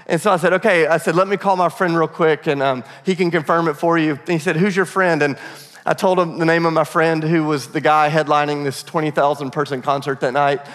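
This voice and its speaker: A man in his forties preaching a sermon as pastor, telling stories in a conversational, animated way. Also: fairly high pitch, fairly quick. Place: church auditorium. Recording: long hall reverb.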